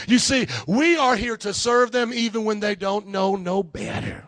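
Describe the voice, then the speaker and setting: A man's voice: high voice, normal speed, few pauses, a bit bright, dry recording. A male pastor preaching an emphatic sermon, calling for amens from his congregation. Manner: emphatic, call-and-response with the congregation. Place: church service.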